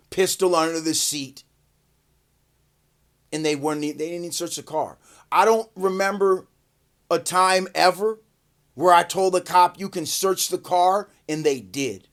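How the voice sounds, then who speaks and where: A man telling a casual, profane story to his viewers, acting out the quotes loudly. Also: on the high side. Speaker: vlogger.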